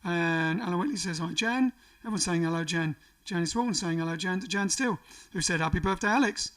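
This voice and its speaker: Hosting a casual livestream from home during lockdown, a man reads out viewer comments in a jokey, rambling way. His voice is high, brisk, and fairly bright, and he sounds far from the mic.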